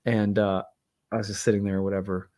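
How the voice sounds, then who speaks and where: A fast-talking man with a warm, lowish voice and little pitch movement tells a personal story on his astrology channel. The casual monologue is candid and rambling, loaded with fillers and self-mocking asides.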